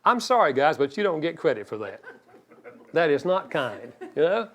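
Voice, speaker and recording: A man's voice: a little high, very animated, normal speed. A man giving a seminar talk on marriage, folksy, with joking asides, who acts out quoted spouses.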